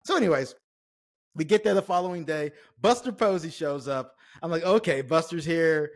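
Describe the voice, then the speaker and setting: A man, a former pro baseball player, telling stories as a podcast guest, animated and acting out quoted lines. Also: a little high, moderate pace. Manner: animated storyteller, acts out quotes, swears casually. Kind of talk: casual storytelling chat.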